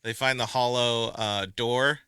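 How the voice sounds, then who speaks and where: A man's voice: mid-range voice, steady tone, unhurried, bright, forceful tone, clear, resonant tone, no echo. A man co-hosting a movie review podcast in casual chat, laughing often and acting out quotes from the film. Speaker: podcast co-host.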